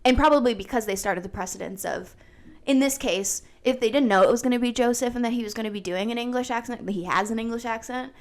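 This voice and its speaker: A woman co-hosting a podcast in casual chat, talking with lots of fillers and animated retellings. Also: on the high side, quick pace. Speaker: podcast co-host.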